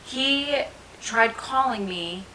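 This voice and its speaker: A woman's voice: a little high, expressive, drawn-out words, a crowd in the background, poor audio. A woman in her thirties from New Jersey, chatting and telling stories on a podcast, laughing often. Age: 30s. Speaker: podcast co-host. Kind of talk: casual chat.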